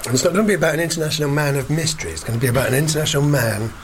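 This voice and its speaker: A man's voice: on the high side, a little hiss or hum. A man hosting a casual podcast chat, joking and playful. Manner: joking, playful, quick asides.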